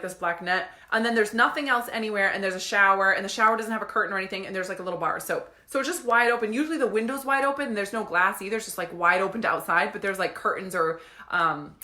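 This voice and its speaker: A woman from the United States telling a story in a casual, animated way, swearing freely and often breaking into laughter. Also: mid-range voice. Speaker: business coach. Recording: echoey room.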